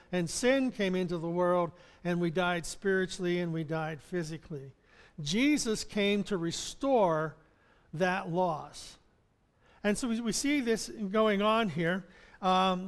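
Male pastor, conversational sermon delivery, higher voice, recorded in a reverberant hall. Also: smooth. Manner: conversational preaching with chuckles and restarts.

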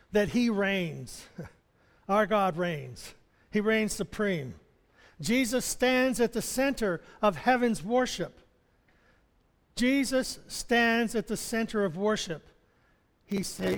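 A male chaplain preaching a sermon in a loose, conversational way, chuckling often and stumbling into restarts. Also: high voice. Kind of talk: sermon with personal stories. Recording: long hall reverb.

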